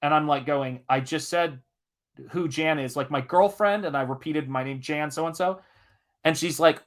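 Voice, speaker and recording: A man from the American South hosts a live stream, reading chat comments and launching into an animated personal story. His voice sits a touch higher than most men's, and he talks in an emphatic, restless way, swearing when a point gets to him. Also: normal speed. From Southern United States, Tennessee. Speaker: live-stream host and comic artist.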